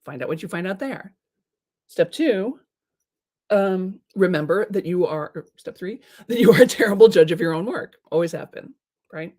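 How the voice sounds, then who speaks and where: A woman host giving casual motivational advice in a chatty, lively way, full of filler words and small laughs. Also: lowish voice, moderate pace.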